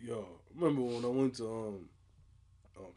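A man co-hosting a podcast in relaxed casual chat, trading stories and agreeing often. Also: medium pitch, moderate pace. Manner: laid-back, frequent "word" and "yeah" agreement. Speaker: podcast co-host.

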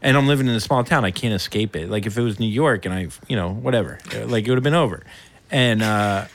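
A man's voice: lowish voice, fast talker, a little hiss or hum. A man hosting a podcast, telling a funny story about himself in a casual, self-mocking way and laughing a lot. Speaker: podcast host.

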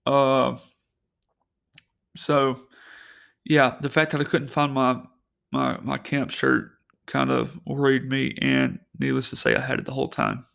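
A young adult man hosts his own podcast from a parked car, rambling through stories with plenty of fillers and restarts. His medium-pitched voice is level, measured, creaky and a bit bright, with frequent pauses.

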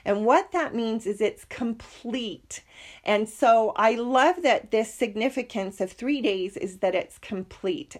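Middle-aged woman teaching scripture, earnest and heartfelt, reads verses slowly. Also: medium pitch. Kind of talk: scripture lesson with personal story.

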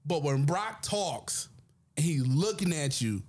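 Man, high voice, casual chat, animated, acts out quotes. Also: slow pace, husky.

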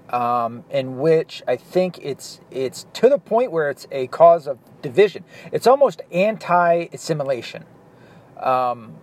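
A blunt, profane man from the American South, ranting his opinions in a monologue while driving. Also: fairly high pitch. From Southern US, Arkansas. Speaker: vlogger. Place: inside a car, driving. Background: faint car and street noise.

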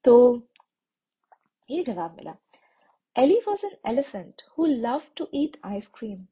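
Mellow, husky-voiced woman storyteller. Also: sits high, rough recording. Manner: expressive, sing-song rhyming delivery, switches between English and Hindi. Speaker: channel host reading stories for children. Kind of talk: read-aloud storytelling with casual commentary.

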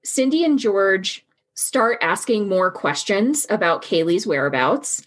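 A woman's voice: medium pitch, expressive, measured pace. A woman hosting a true crime podcast, telling the story in a casual, outspoken way and speaking her mind bluntly. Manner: casual, outspoken, swears, recounts events with quoted voices. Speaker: podcast host.

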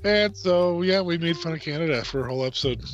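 A man's voice: on the high side, expressive, quick pace, lo-fi sound. A man from Nebraska co-hosting a podcast, cracking jokes and playing along in casual banter. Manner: wisecracking, laughs often, plays along with bits. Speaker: podcast co-host.

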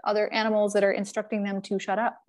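A woman with a medium-pitched voice joins a casual conversation about animals. She listens closely and adds thoughtful, reflective comments. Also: completely flat delivery, fast talker, darkish tone. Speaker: marine mammal researcher.

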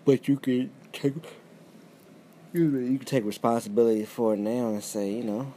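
A man's voice: mid-range voice, steady tone, normal speed, mellow, a little hiss or hum. A man co-hosting a casual chat with his wife, blunt, swearing freely and laughing often. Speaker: podcast co-host.

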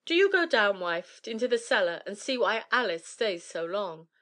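A woman's voice: mid-range voice, big pitch swings, moderate pace, fairly bright tone. A woman reading aloud voices an impatient older father who gives commands in a storybook.

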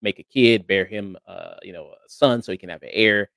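A man's voice: deep voice, a little fast, gravelly, fairly bright tone, no room sound. A man hosting a casual review chat, talking in a rambling way with lots of hesitant fillers. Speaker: podcast host.

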